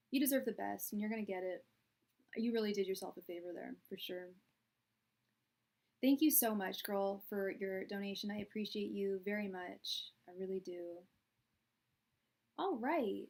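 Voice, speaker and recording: A woman's voice: medium pitch, darkish tone. A young woman doing a live-stream tarot reading, chatty and blunt, talking straight to her viewers. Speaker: tarot reader.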